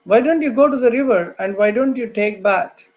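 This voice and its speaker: A man's voice: very high voice, normal speed. A man voicing a courteous elder brother who greets guests eagerly and then frets over how to feed them. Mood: welcoming.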